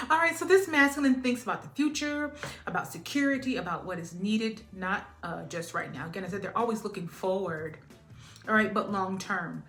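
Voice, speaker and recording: A woman giving a casual spiritual reading who laughs often, acts out quotes loudly and keeps asking "all right?". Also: medium pitch, reverberant. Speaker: tarot reader.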